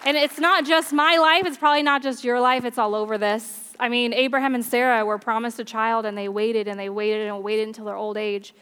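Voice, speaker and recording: A woman delivers a sermon to her congregation in a smooth, resonant voice. She preaches in an earnest, conversational way, as though talking with friends in the pews. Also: a little high, steady tone, a little fast, hardly any pauses, a bit bright. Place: church service.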